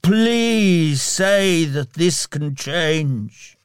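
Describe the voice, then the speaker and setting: A man voicing an old miser who is overjoyed and giddy, with high, breathless exclamations. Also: very animated, a little slow, a bit bright, dry recording, studio quality, exaggerated voice. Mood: pleading.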